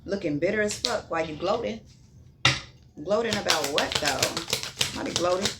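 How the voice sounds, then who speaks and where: A woman's voice: lowish voice, brisk, heavy background noise. Profane sing-song tarot reader woman. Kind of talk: casual tarot reading.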